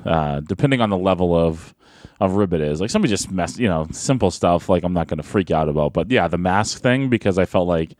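A man's voice: deep voice, fairly quick, no room sound. Man, wrestler type, casual podcast storyteller, laughs a lot, dry close mic. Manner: animated storyteller, laughs often, acts out voices. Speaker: pro wrestler, podcast guest.

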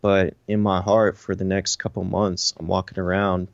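A man in an interview recounting a personal story, animated and profane, with lots of "you know" and "I'm like". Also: sits low, normal speed, gravelly, no echo, dull audio. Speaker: interview guest.

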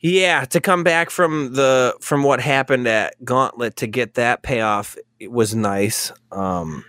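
A man's voice: medium pitch, takes it slowly, a bit bright, no room sound, studio quality. A man co-hosting a podcast, chatting in a laid-back casual way, swearing and laughing easily. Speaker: podcast co-host.

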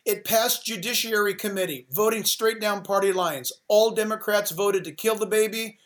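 A man's voice: high voice, fairly bright tone. Emphatic preaching pastor, man. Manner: emphatic, rapid-fire repetition. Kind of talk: impassioned sermon-like talk.

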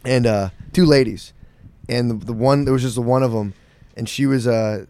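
A man's voice: medium pitch, fairly even intonation, darkish tone, clean tone. A man rattling off a profane anecdote in a casual podcast chat. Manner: rapid, profane storyteller. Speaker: podcast co-host.

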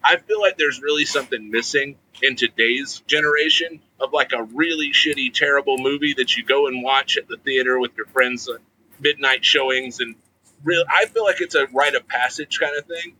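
Rambling, bright-voiced podcast guy. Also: medium pitch, moderate pace, slight background noise, low-quality recording. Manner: rambling, laughing, filler-heavy. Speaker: podcast co-host. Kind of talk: casual chat.

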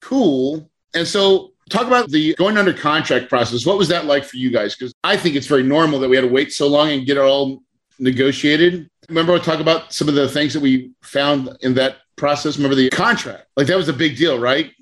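A higher-pitched man leads a class on property deals, telling the story with energy. His pitch swings widely as he acts out what each person said. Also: fairly quick. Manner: animated storyteller, acts out quotes. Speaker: real estate coach.

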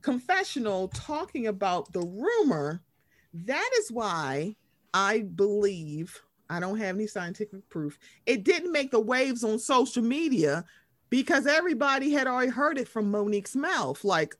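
Woman, lively swooping pitch, fairly high voice, dry close sound, animated gossip. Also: moderate pace, no room sound. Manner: animated gossip, acts out quotes. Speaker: podcast co-host. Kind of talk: casual chat.

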